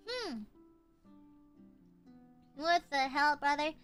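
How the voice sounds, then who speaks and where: A woman's voice: high-pitched, animated, moderate pace, long pauses, pushed and bright, soft background music. A young woman streamer chatting casually and teasing her viewers in a playful, goofy way. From United States.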